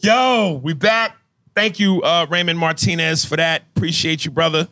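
A man's voice: fairly high pitch, normal speed, creaky, over loud music. A man hosting a podcast in casual banter, reading listener emails in a brash, profane, teasing way. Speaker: podcast host.

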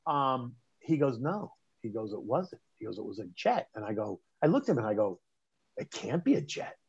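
A middle-aged man, telling a personal story in conversation, animated and emphatic, often restarting mid-phrase. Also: mid-range voice, normal speed, vocal fry, slightly rough. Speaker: interview guest recounting a personal story. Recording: dull lo-fi sound.

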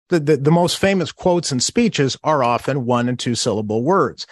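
A man's voice: on the high side, normal speed, hardly any pauses, no echo. Author guy on a podcast, bouncy up-and-down voice, dry close sound, really stresses his points. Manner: animated, emphatic explainer who acts out quoted phrases. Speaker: author and interview guest. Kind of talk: podcast interview.

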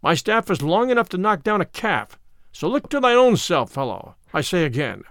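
A man's voice: sits high, big pitch swings, moderate pace, a bit bright, no room sound, clean studio sound, exaggerated voice. A man doing a defiant hot-tempered tanner. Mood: furious. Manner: defiant, scornful, old-fashioned speech. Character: stubborn fearless craftsman, hot-tempered man.

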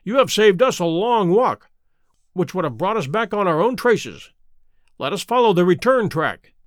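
A man voicing a sharp, self-assured male detective, measured and quietly commanding, with a high, lively voice. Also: dry recording, clean studio sound. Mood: cool.

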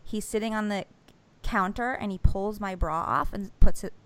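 Animated woman telling a story. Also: medium pitch, moderate pace. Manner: animated storytelling, swings between loud and hushed. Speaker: podcast co-host. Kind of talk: casual chat.

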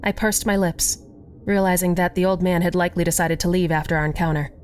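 A woman tells a first-person story in a fairly low voice, narrating expressively and acting out each character's lines. Faint music plays behind her. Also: little pitch movement, fast talker.

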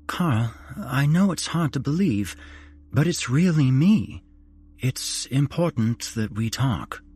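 A man's voice: medium pitch, very animated, unhurried, slightly rough, voice pushed up. A man voicing a grieving dead mother who calls her son from beyond the grave, sad and urgent, in a horror story reading. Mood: sorrowful.

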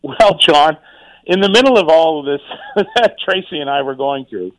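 Halting middle-aged man, dry close sound. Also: fairly high pitch, expressive, no echo, poor audio. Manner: halting, many repeated words and fillers. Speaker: township mayor, radio guest. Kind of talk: casual radio interview.

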